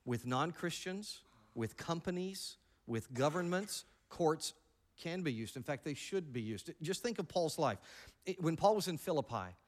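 Male pastor, bright higher voice, animated sermon, jokey asides. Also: unhurried.

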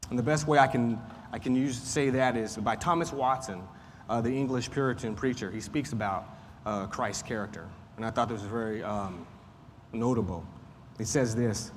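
A man's voice: medium pitch, normal speed. Man, Sunday school teacher, chatty Bible lesson, lingering reverb and faint hiss. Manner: conversational, repeats points, frequent fillers. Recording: faint noise, long room reverb.

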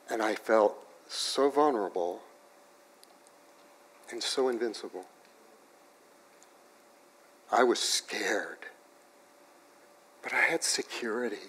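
A man preaching a sermon, telling a personal story in an animated way that swings from loud to hushed, in a church. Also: fairly low pitch, takes it slowly, pauses often. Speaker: pastor.

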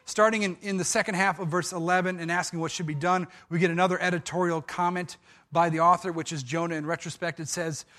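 A man preaching a sermon, walking through a scripture passage with animated storytelling and frequent restarts. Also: sits high, quick pace. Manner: animated storytelling with dramatized quotes. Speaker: pastor.

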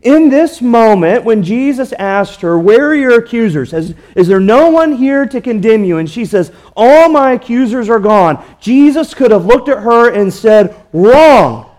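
A man's voice: extremely high pitch, lively intonation, normal speed, hardly any pauses, darkish tone. A man preaching a sermon, earnest, asking rhetorical questions and drawing out key words for emphasis. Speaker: pastor.

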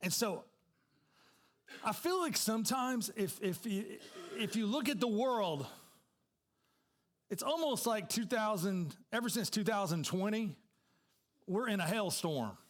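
A man's voice: sits high, lively intonation, unhurried, long pauses. A man preaching a sermon as a pastor, telling a personal story in a conversational way with asides to the congregation.

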